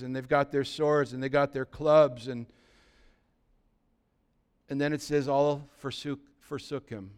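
High, smooth-voiced preacher man. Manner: animated storytelling with humor. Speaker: pastor. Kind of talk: Good Friday sermon.

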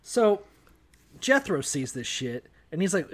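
Male co-host, raised pitch, jokey and swearing, quick to laugh. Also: sing-song, fairly bright tone. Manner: profane, laughs often, does mock voices. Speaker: podcast co-host. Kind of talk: casual comedic chat.

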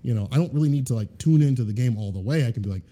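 Brief: male podcast guest, deep, mellow timbre, earnest and rambling delivery, loose chat. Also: expressive, racing. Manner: rambling, filler-heavy, earnest. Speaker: guest fighting game commentator.

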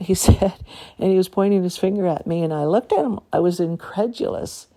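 A woman's voice: fairly low pitch, animated, moderate pace, warm tone. An older woman from Canada talking in a rambling, aggrieved personal monologue with many restarts.

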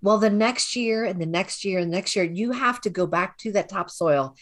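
A woman's voice: medium pitch, normal speed. A woman co-hosting a Bible study, speaking reflectively and explaining ideas through everyday comparisons. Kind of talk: conversational Bible study discussion.

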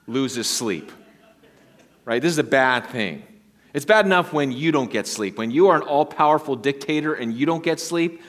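A man preaching a sermon, reading scripture aloud and explaining it with lively, conversational asides, his voice swinging from quiet low stresses to high emphatic peaks.

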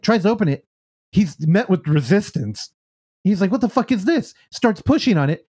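A man's voice: on the high side, darkish tone. A man co-hosting a podcast, recapping a show in a casual, profane way and acting out the characters' lines. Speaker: podcast co-host.

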